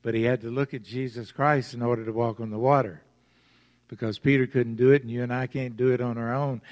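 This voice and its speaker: A man's voice: mid-range voice, fairly even intonation, brisk. A man preaching a sermon as pastor, retelling the story and acting out its voices. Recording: long hall reverb.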